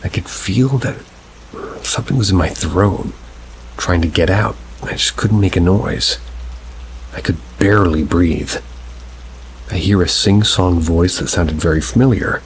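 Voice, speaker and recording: Deep-voiced man reading slowly. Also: slight background noise, low-quality recording. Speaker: narrator. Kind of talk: scripted narration of submitted scary stories.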